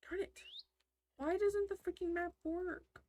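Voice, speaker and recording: A woman's voice: extremely high pitch, steady tone, measured pace, warm tone, slight background noise. A woman giving casual, rambling commentary while she plays a video game, often breaking off mid-sentence. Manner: rambling, self-interrupting, chatty. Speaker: gaming commentator.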